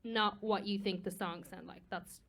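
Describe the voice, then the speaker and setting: Bright, blunt woman judging a talent show. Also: mid-range voice, normal speed, slight background noise. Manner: animated, joking, blunt, rambling with restarts. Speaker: competition judge and singing teacher. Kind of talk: live judge's critique. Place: live performance venue.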